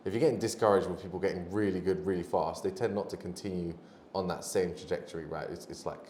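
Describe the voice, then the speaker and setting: A man's voice: low-pitched, steady tone, quick pace, a little mellow. A man speaking as a podcast guest in loose, rambling casual chat, swearing and laughing often. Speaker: podcast guest, jiu-jitsu athlete. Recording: roomy echo, faint noise.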